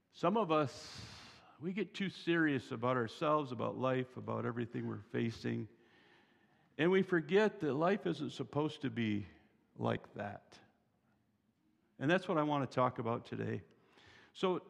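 A male pastor preaching a lively sermon, slow and drawn out, acting out the scene with loud voices. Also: medium pitch, creaky. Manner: slow, drawn-out delivery with big swings in loudness. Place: church sanctuary. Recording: long reverb of a large church hall.

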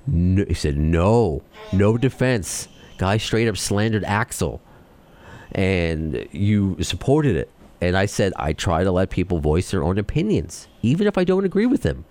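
A man with a New York accent hosting a podcast, talking fast and excitably as he rants. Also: deep voice. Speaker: podcast host. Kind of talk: casual chat.

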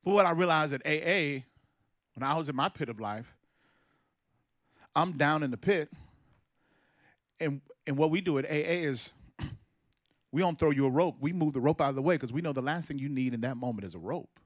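A man preaching a sermon with passion, repeating phrases for emphasis and building to shouted peaks. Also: fairly high pitch, moderate pace, pauses often, no room sound, clean studio sound. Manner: impassioned, builds to shouted climaxes.

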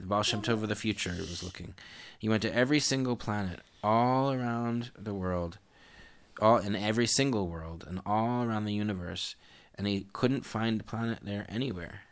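A man improvising a bedtime story for his kids in a meandering way, with restarts and dramatic slowdowns. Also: fairly low pitch. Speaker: father telling a bedtime story.

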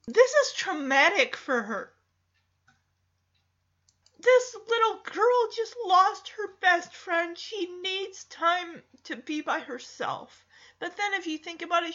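A woman casually retelling a movie's plot, animated and acting out the characters' lines. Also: very high voice, highs cut off. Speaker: film recap host.

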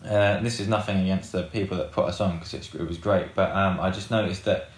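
Rock guitarist guest: man, low voice, loose rambling talk, echoey room. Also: fairly even intonation, brisk. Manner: rambling, heavy on fillers and swearing. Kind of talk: casual interview chat.

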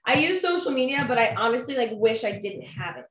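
A woman, a teacher and podcast guest, chatting and telling stories in an animated way. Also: fairly high pitch, brisk, soft background music. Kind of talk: casual podcast chat. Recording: roomy echo.

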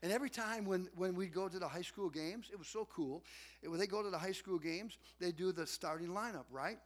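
A middle-aged man preaching a sermon to his congregation in a folksy, animated way. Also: high-pitched, fairly quick. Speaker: pastor.

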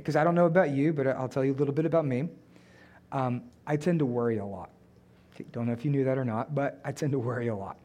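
A man's voice: medium pitch, dark tone. A man preaching a conversational sermon who keeps asking the listeners rhetorical questions.

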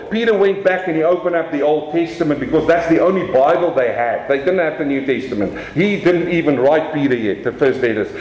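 A man with a South African accent preaching a lively sermon from the pulpit. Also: a little high, echoey room, poor audio. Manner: animated preaching, swings from quiet to raised. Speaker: pastor.

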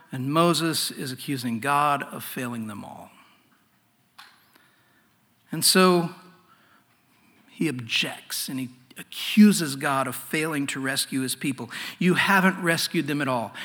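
A man preaching a sermon in an earnest way, often dropping to a hushed voice. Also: a little high. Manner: earnest, swings from loud to hushed. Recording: long hall reverb.

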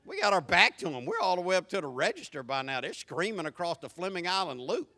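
Middle-aged male preacher, high-ish lively voice, conversational sermon with loud peaks. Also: quick pace. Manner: animated preaching, swings from hushed to loud. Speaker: pastor.

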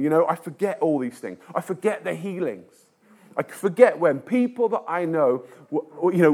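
A high-pitched man preaches a sermon conversationally, like he's telling a story. He hesitates and restarts often, with a self-deprecating tone.

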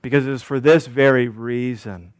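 A man preaching a sermon as pastor, deliberate, repeating key phrases and asking the congregation rhetorical questions. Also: medium pitch, fairly even intonation, dry recording.

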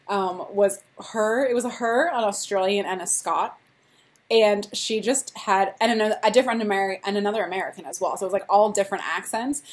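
A woman's voice: medium pitch, a little fast. A young adult woman co-hosting a casual chat, telling stories with dry asides. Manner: chatty storyteller, dry asides. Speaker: podcast co-host.

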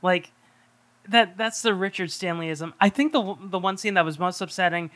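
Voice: mid-range voice, normal speed, fairly bright tone. A co-host in a casual film review chat who chimes in often and talks loosely. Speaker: podcast co-host.

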